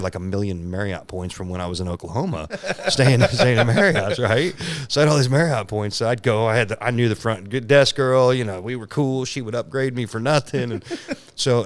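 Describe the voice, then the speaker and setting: Male podcast guest in his thirties: low voice, dry close sound, frank storyteller who laughs a lot. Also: dry recording. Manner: candid, laughs often, acts out quoted lines. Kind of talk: casual personal storytelling.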